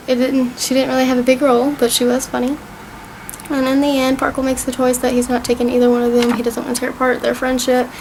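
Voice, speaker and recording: Young woman, high with vocal fry, chatty home vlog review, faint background hum. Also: darkish tone, rough recording. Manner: chatty and rambling, many fillers and retold dialogue. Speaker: vlogger reviewing a TV season. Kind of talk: casual recap talk to camera.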